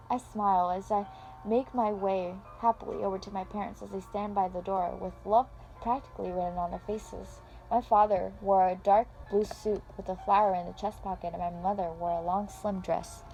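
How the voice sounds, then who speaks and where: A woman's voice: medium pitch, steady tone, moderate pace, warm tone, faint music behind, low-quality recording. Woman reading a dramatic story. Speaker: story reader. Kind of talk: first-person story reading.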